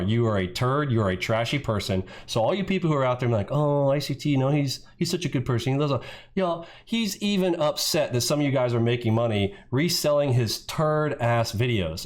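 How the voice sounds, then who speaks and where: Heated, mocking man ranting. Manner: heated, mocking, swears freely; mimics his rival in shrill yells. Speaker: trading video host. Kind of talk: ranting reaction commentary.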